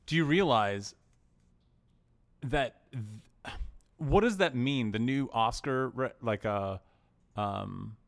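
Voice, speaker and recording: A man's voice: mid-range voice, lively intonation, slow, creaky, pauses often. A male co-host of a movie podcast who teases his partner and wanders off on tangents in casual chat.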